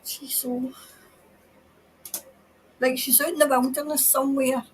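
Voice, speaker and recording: A woman tarot reader doing a psychic reading on a livestream. She talks in an emotional, halting way and sometimes drops to a whisper. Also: high voice, flat delivery, slight background noise, rough recording.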